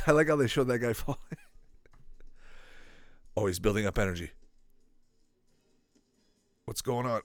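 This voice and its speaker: Male reaction host, lively rising and falling voice, dry close sound, excitable, chats to viewers. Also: medium pitch, no room sound. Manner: excitable, thinking aloud, quick reactions; asks the viewers questions. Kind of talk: casual live commentary while watching a video.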